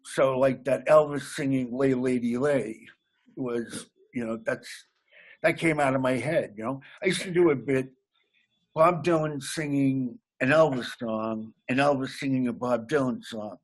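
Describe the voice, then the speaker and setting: In a casual interview, a comedian guest from Massachusetts keeps things loose and laughs at his own jokes. His pitch is medium and his pace measured.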